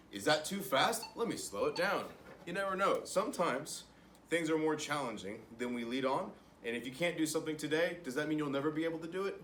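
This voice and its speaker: A man's voice: on the high side, animated, fairly quick, roomy sound, recorded from a distance, background noise. A young man teaching an online music lesson to children, encouraging them and counting rhythms aloud as he claps.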